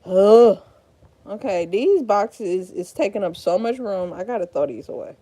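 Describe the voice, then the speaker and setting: A woman's voice: mid-range voice, animated, measured pace, warm tone. Frazzled, cursing woman in her thirties. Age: 30s. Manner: profane, frazzled and rambling; talks to herself while sorting a room. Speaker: live streamer. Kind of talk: casual livestream chat.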